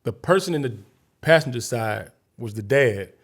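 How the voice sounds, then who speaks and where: A man's voice: mid-range voice, expressive, moderate pace. A man from Chicago, a guest comedian, telling a story in a casual interview, acting out scenes and voices vividly.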